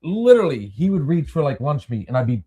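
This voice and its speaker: A man's voice: a little high, big pitch swings, fast talker, mellow, breathy edge, lo-fi sound. A male podcast host spinning a story in loose, casual chat. His voice swings widely up and down as he gets worked up, and he swears freely and trips into restarts while he talks.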